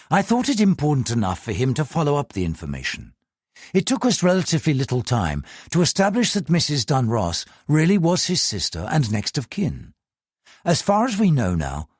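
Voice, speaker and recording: A man voicing a cautious police chief who reports in a measured, deferential way. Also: mid-range voice, husky, no room sound, studio quality. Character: cautious male police chief, calm, secretive.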